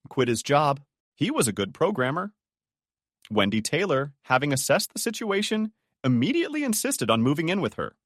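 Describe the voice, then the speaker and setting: A man reading out a dramatic story, his pitch rising and falling a lot as he tells it. it is recorded close to the mic and sounds very dry, with no room around it. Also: fairly bright tone, no echo. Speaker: narrator. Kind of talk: scripted story narration.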